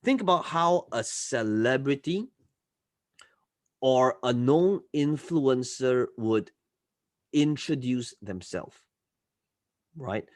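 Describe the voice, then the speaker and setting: A man coaching a live online class, often checking in with listeners and swinging between loud and soft delivery. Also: medium pitch, lively intonation, slow, long pauses, no echo, studio quality. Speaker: marketing coach.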